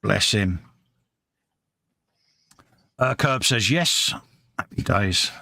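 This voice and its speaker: A man's voice: on the low side, animated, very slow, creaky, bright, forceful tone, dry recording. A British man co-hosting a casual live stream from his hobby workbench, chatting and reading viewer comments aloud, calling everyone mate. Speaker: live show co-host.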